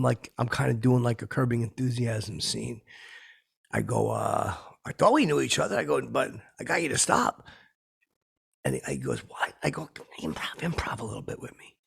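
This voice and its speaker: A man playing a gravelly, rambling has-been comic. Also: medium pitch, heavily acted. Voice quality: very gravelly, raspy. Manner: rambling, rough-spoken, tactless, lurching between bravado and sentiment. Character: rambling boastful washed-up male comedian. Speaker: podcast host. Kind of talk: comic character monologue.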